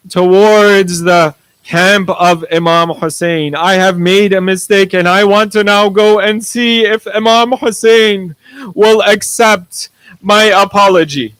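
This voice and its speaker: A man's voice: sits high, a bit bright, no room sound, rough recording. A man voicing a remorseful grown warrior general who pleads earnestly for forgiveness.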